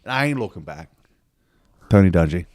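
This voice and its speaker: A man's voice: deep voice, sing-song, fairly quick, crowd noise. A man co-hosting a podcast, telling a long, profane travel story in casual chat and acting out the people in it. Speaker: podcast co-host.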